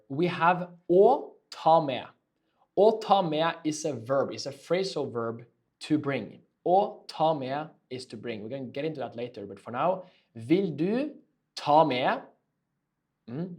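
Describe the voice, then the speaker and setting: A man's voice: medium pitch, darkish tone. A man from Norway with a Norwegian accent, teaching a language lesson in a casual, joking podcast style. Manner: joking, playful explaining.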